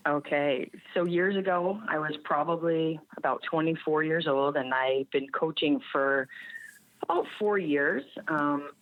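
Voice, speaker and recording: A woman's voice: deep voice, a little slow. Woman from Canada on a tinny phone-like line. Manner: candid, plain-spoken, reflective. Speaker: guest strength coach. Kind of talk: storytelling in a podcast interview.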